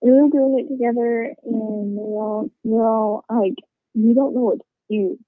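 A woman's voice: on the high side, fairly even intonation, moderate pace, no echo. A woman telling a rambling, casual story, swearing a lot and filling it with "like" and "you know.". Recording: tinny phone-like sound, dry.

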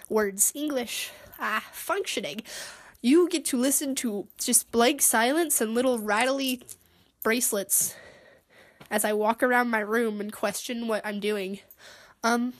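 A young woman from Utah rambles through a solo podcast episode in her bedroom. Her voice sits a little high, and her talk is awkward and meandering, full of self-deprecating asides. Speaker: podcast host.

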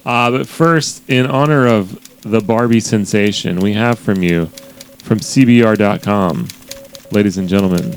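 A man's voice: lowish voice, unhurried, slight background noise. A man hosting a casual podcast, introducing segments and cracking playful jokes. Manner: playful, jokey segues. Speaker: podcast host.

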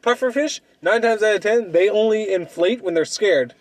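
Stubborn young man, high voice. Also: normal speed, no echo. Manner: stubborn and swearing. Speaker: debater. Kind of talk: heated comedic argument.

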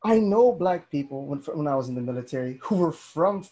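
A man's voice: on the high side, brisk. A young man in casual conversation as a podcast host, telling stories animatedly and acting out the people he quotes. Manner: animated storyteller, acts out quoted voices.

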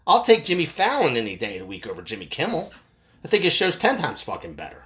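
A man's voice: medium pitch, wildly swooping pitch, quick pace, a bit bright. A man reading news stories aloud and breaking off into angry, profane political rants, often stumbling over his words. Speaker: political commentator.

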